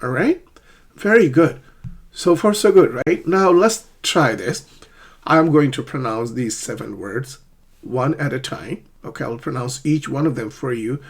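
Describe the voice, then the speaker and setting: Husky, animated male English teacher. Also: mid-range voice. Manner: checks in often with the learner, drills words slowly. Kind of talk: online pronunciation lesson.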